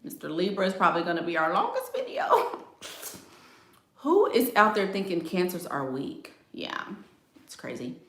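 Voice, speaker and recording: A woman's voice: lowish voice, huge pitch swings, moderate pace, long pauses, a bit bright, echoey room. A middle-aged woman hosting a casual chat, talking emphatically, repeating her points and laughing often. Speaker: astrology video host. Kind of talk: casual live chat reading comments.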